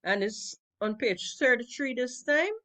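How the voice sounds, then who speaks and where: Slow high-voiced woman reading to a class. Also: fairly bright tone. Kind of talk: reading a play aloud to a class.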